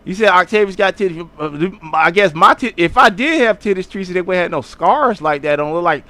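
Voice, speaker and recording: A man hosting a livestream, roasting someone loudly and profanely, jumping into shrieking high tones to mock and often asking "you know what I'm saying". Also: expressive, fairly quick, dry recording. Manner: loud mocking roasting with shrieking high jumps. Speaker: livestream host. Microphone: streaming setup at a computer.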